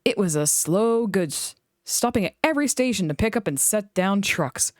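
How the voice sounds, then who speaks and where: A woman reading a children's book aloud in an expressive storytelling voice. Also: mid-range voice, normal speed, dry recording, studio quality. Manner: expressive, animated read-aloud.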